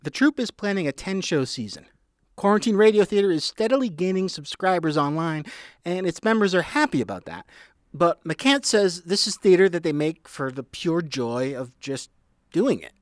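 A male radio reporter narrates a scripted feature, his pitch moving a lot and sitting slightly high. The recording is close and dry. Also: big pitch swings, moderate pace, no echo.

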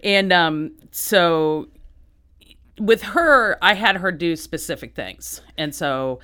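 Bright, halting woman artist. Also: on the low side, animated, clean tone. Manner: halting, many restarts, laughs often. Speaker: artist, guest. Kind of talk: interview conversation.

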